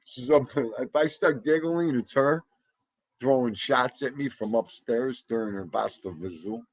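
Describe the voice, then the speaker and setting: A middle-aged livestream host chats casually with his live viewers, laughing as he goes and responding to messages in the chat. His mid-range voice is a little slow, and there's no echo.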